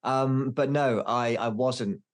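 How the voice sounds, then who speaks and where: A podcast guest in his forties speaks slowly in a steady, mid-range voice. In this casual interview chat he's candid and self-mocking, restarting his sentences often.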